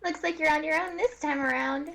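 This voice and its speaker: A woman's voice: sits high, a little fast, vocal fry, a bit bright, a little hiss or hum, pitched above the performer's own voice. A woman reading the part of a smug, teasing young female sidekick from a game. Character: cocky young female magician assistant.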